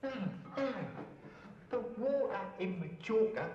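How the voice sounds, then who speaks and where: A woman's voice: on the high side, expressive, measured pace, lo-fi sound, over music. A woman acting a blunt speech teacher who keeps correcting, in a commercial replayed in a hall. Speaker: actor in a beer commercial. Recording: ad audio echoing in a hall.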